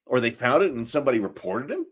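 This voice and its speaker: A man co-hosting a political podcast, excitable, stammering and firing repeated eager questions. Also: medium pitch, quick pace. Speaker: podcast co-host.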